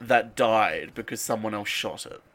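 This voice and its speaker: A man's voice: on the low side, a little slow, fairly bright tone. A man co-hosting a podcast, arguing his point insistently and swearing now and then. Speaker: podcast co-host. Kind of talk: casual podcast chat.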